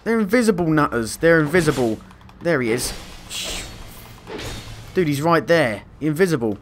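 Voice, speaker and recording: A man commentating a game playthrough, excitable and swearing, quick to panic and laugh at himself. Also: on the high side, soft background music. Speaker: gameplay commentator. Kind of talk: let's play commentary.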